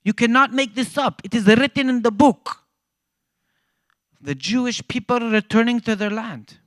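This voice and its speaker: A man's voice: fairly high pitch, big pitch swings, unhurried, dry recording, pitched above the performer's own voice. A man putting on the voice of an angry male ambassador who lectures emphatically. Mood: indignant. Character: angry, loud middle-aged male African ambassador.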